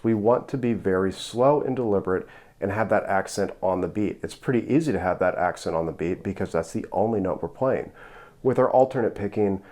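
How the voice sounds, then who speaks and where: Low-voiced man teaching guitar. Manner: relaxed, counts beats aloud. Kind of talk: instructional guitar lesson.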